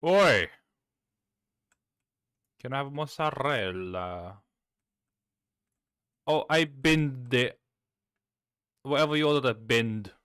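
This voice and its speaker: A man streaming a cooking game, chatting casually, swearing and suddenly shouting. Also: mid-range voice, slow pace, long pauses, clear, resonant tone, dry recording, clean studio sound. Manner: chaotic, swears, bursts of shouting. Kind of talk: casual gameplay chat.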